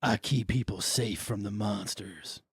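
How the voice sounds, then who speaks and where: A man voicing a grizzled, wiry drifter who hunts monsters, in a slow, low, guttural voice for a podcast read-along play. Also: gravelly, breathy edge, dry recording, studio quality, heavily acted. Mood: menacing. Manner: slow, deadpan delivery.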